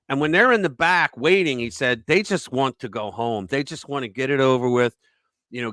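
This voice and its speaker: A man's voice: mid-range voice, fairly bright tone, no room sound. A man hosting a casual political talk show, retelling a story in a rambling way with restarts and fillers. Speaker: host.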